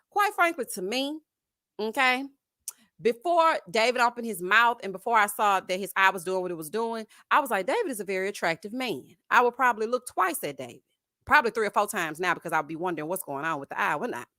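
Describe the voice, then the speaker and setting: A woman's voice: medium pitch, dry recording. Sassy woman chatting on a live stream, voice jumps all over, dry close sound. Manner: sassy and animated, peppered with "honey" and "child". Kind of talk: casual reality-show commentary.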